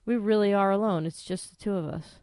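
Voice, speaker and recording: A woman's voice: mid-range voice, quick pace, heavy background noise. Chatty woman hosting a radio show. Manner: chatty, swears casually, sings along to songs. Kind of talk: casual radio chat.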